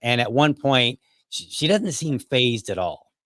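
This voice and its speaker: A man hosts a podcast and tells a long story in a loose, casual way. He often restarts his sentences and wanders into asides. His voice sits at a middle pitch and sounds dry and close. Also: sing-song, a little slow, fairly bright tone, no echo. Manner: rambling, many restarts and asides. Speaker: podcast host.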